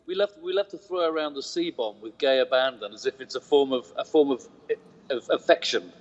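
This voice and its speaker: A man's voice: medium pitch, brisk, big-room sound, dull audio. A man, a guest musician, chatting casually and dryly about touring, heard over a remote line. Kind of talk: casual interview chat.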